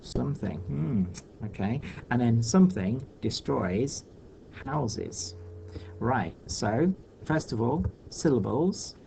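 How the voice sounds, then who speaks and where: A man teaching children in a recorded online lesson, thinking aloud patiently with many pauses and fillers. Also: medium pitch, creaky, warm tone, a little hiss or hum, rough recording.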